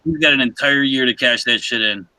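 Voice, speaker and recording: Brief: male co-host, loose rambling banter, very bright tense voice, dry close sound. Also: medium pitch, fairly quick, dry recording, poor audio. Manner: rambling, joking, slips into put-on voices. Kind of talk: casual banter on a livestream show.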